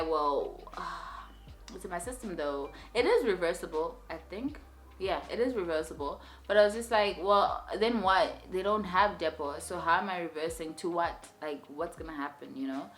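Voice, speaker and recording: A young woman talking candidly to her viewers in a vlog, telling her story in a chatty, expressive way. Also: lowish voice. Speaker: vlogger.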